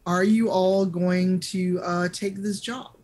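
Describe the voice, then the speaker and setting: A woman narrating an online tabletop game as game master, chatty and halting with lots of fillers. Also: on the low side, steady tone, darkish tone. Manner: chatty, hesitant with many fillers.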